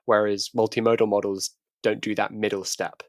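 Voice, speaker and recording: Low-voiced man in thoughtful tech chat. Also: little pitch movement, moderate pace, no room sound. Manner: thoughtful, often restarts words. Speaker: podcast co-host. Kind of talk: casual tech discussion.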